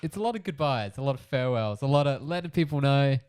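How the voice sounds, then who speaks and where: A young man, co-hosting a podcast. His voice is smooth and clear at a middle pitch, and he chats in an easygoing, friendly way. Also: animated, fast, darkish tone. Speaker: podcast co-host. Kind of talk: casual chat.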